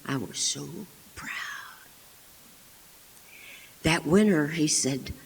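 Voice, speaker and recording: A woman storyteller performing live, unhurried and animated. She throws in sound effects and drops to hushed, whispered asides in a slightly husky voice. A long reverb trails behind her in a big hall. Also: deep voice.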